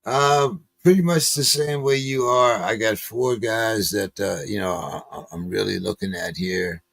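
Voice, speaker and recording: A man's voice: on the low side, measured pace, creaky, fairly bright tone, dry recording. A man co-hosting a casual live stream, talking hesitantly with many fillers. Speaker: league commissioner and co-host.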